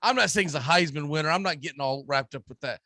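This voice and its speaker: A man's voice: fairly high pitch, quick pace, pushed and bright, no room sound. A man with a Southern US accent, hosting a sports radio show and ranting emphatically about football. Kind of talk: casual sports talk.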